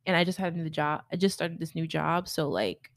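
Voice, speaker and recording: A young woman co-hosting a podcast, chatting casually and telling stories with lively quoted voices. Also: sits low, a little fast, no echo, clean studio sound. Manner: animated storyteller, acts out quoted voices. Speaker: podcast co-host. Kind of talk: casual chat.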